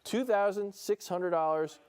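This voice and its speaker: A man's voice: sits high, a little slow, a little mellow, clear, resonant tone. A man with a New Jersey accent hosts a live broadcast auction, calling bids in a playful, enthusiastic way and chuckling between calls. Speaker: auctioneer and show host. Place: studio room with a small audience.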